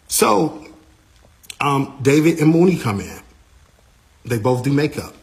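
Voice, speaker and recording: A man, an artist's manager, recounting a backstage incident in a lively, casual way, repeating himself and using slang. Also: medium pitch, unhurried, creaky, long pauses. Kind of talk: animated storytelling.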